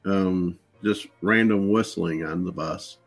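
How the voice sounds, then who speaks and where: A man with a low voice tells paranormal anecdotes in an unhurried, conversational way. He slips into quoted dialogue as he goes. Faint music sits in the background. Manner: relaxed anecdotal storyteller, acts out dialogue. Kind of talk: casual storytelling in an interview.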